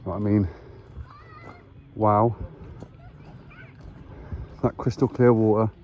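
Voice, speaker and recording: Wind and outdoor sounds surround a young man making a casual hiking vlog, talking chattily and matily to his phone camera as he climbs a windy hill. His voice is fairly low, fairly even in intonation and slow, and the recording sounds muffled.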